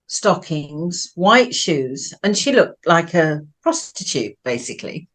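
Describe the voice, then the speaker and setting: A woman of about seventy from Manchester, England, telling stories about her life as an interview guest in a chatty, rambling way, often breaking into laughter. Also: fairly low pitch. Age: around 70. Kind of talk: personal storytelling.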